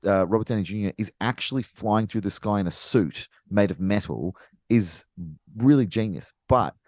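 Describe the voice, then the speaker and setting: A man's voice: lowish voice, moderate pace, darkish tone, no echo, studio quality. A man co-hosting a podcast, chatting about films and building long, emphatic arguments. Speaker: podcast co-host. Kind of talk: casual film chat.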